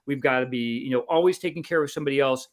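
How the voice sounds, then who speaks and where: A man's voice: medium pitch, racing. A man hosting a casual interview, asking friendly questions with lots of hesitant fillers. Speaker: interviewer, Marine veteran.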